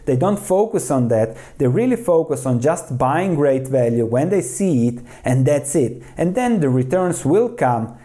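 A man's voice: a little high, sing-song, a little slow, few pauses, mellow. A man steadily explaining investing ideas and reading quoted passages aloud, often restarting words mid-sentence. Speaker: investing commentator.

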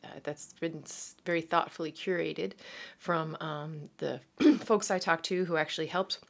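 Woman, Newfoundland accent, thirties, podcast host, rambling casual chat, slightly low pitch. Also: fairly even intonation, unhurried, creaky. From Newfoundland, Canada. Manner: chatty, rambling, with many fillers and restarts.

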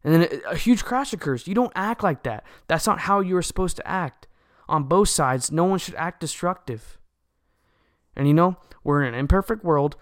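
A man in a casual opinion monologue, talking earnestly and a bit preachy, pausing to ask "okay?" and often restarting phrases. His voice is smooth and clear, at a middling pitch, and the recording is dry and close. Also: animated, no room sound. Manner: earnest, lecturing, keeps asking "okay?". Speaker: political commentator.

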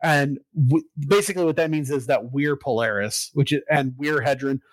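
A man in casual chat, recapping a video game story with lots of fillers and swearing, getting excited about it. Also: mid-range voice, moderate pace, no echo, low-quality recording.

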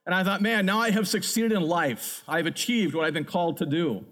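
A middle-aged man preaching a sermon, telling a childhood story in an animated, storytelling way. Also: sits high, a little fast. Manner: animated storyteller, builds to excited peaks. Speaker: pastor.

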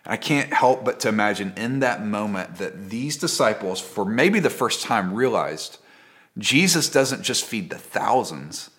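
A man's voice: fairly low pitch, animated, unhurried. Storytelling male pastor preaching a sermon. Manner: storytelling, drops to a hush at key points; conversational and dramatic, with repeated phrases.

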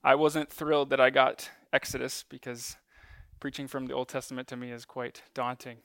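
A man's voice: mid-range voice, little pitch movement, normal speed, creaky, a bit bright, no room sound. A man preaching a casual sermon to a church gathering, talking conversationally with frequent ums and light self-deprecating asides.

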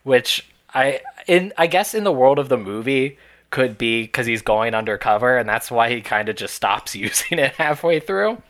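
Podcast co-host, male, mid pitch, loose wry recap chat. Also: lively intonation, moderate pace, a bit bright. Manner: laughing, wry, rambling. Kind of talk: casual movie recap chat.

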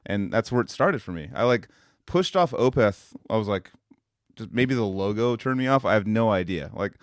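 A man with a lowish voice recalls a tour memory in a loose, filler-heavy way. He talks in quick bursts. The sound is dry and close to the mic. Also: animated, dry recording. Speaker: podcast guest, touring musician. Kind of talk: casual chat, storytelling.

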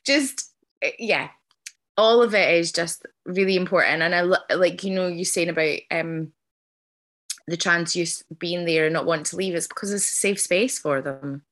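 Effusive woman podcast host, lower voice. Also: moderate pace, fairly bright tone. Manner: earnest, effusive, many ums and restarts. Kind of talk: casual interview chat.

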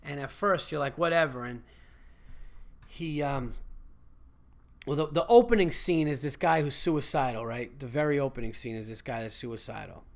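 Male comic hosting his own podcast; loose, excitable, foul-mouthed rambling at an average pitch. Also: normal speed, creaky, long pauses. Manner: animated, profane, rambling. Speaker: podcast host and stand-up comedian. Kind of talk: casual podcast monologue.

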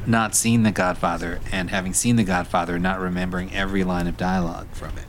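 A man's voice: low voice, level tone, quick pace. A man with a mid-range voice talks in a dry, reasonable way, asking questions and weighing things up. He sounds like he is in a car, with a faint hiss of noise. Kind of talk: casual chat.

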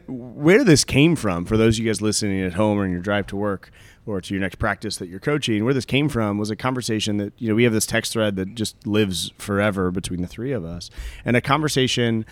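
A man's voice: mid-range voice, no room sound. Podcast cohost guy rambling, lots of likes, dry close sound. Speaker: podcast co-host. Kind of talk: casual podcast chat.

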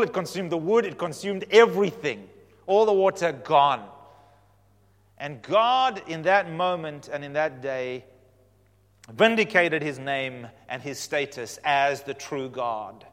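A man preaching with lively storytelling, his voice sitting a little high for a man. It moves between loud declarations and quiet asides, and a long hall reverb trails every phrase. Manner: animated storytelling, swinging from loud to hushed. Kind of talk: sermon.

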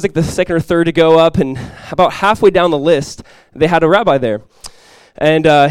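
A man preaching a sermon as pastor, telling a personal story conversationally with light humor, and praying softly and earnestly. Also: a little high, smooth, no echo.

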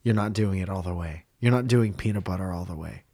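Low-voiced man, dry teasing. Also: brisk, a little mellow. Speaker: podcast co-host. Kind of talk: casual chat.

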